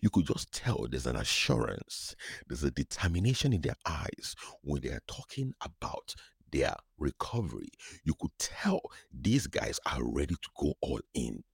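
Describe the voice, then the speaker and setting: A man hosting a podcast, telling a personal story in a slow, soft, often whispery way. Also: rumbling low, very animated, creaky, husky, no echo, clean studio sound. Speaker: podcast host and recovery coach. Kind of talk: reflective podcast monologue.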